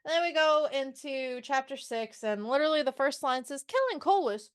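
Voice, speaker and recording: Sassy cussing woman on a book podcast, kinda high voice, roasting the characters. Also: moderate pace. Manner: sassy, swears freely, mocks the characters. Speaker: podcast co-host. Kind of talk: casual book-club chat with read-aloud passages.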